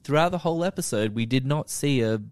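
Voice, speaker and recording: A young man co-hosting a podcast, casually recapping a TV episode with animated storytelling and a lot of swearing. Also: mid-range voice, fast talker, smooth, no room sound. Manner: animated storytelling, acts out characters, swears freely. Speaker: podcast co-host.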